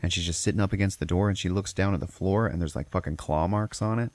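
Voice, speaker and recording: A man with a very deep, low voice recaps a film plot for his podcast, rambling and cursing freely as he goes. The sound is dry and close, with no room around it. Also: quick pace, a little mellow, dry recording. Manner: profane, rambling storyteller. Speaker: podcast host. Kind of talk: casual movie recap.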